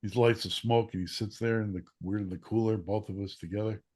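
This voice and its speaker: Guy telling a story from when he was a kid, lively, does the voices, coughs now and then. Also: lowish voice, fairly quick. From Chicago area. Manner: animated, acts out quotes, occasional coughs. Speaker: guest, former newspaper columnist. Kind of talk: storytelling in casual conversation.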